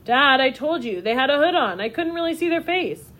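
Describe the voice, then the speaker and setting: A woman's voice: high voice, lively intonation, brisk, a bit bright, voice pushed up. A woman reading a storybook, voicing an eager young boy who is a shopkeeper's son, in a raised, bouncy voice. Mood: glum.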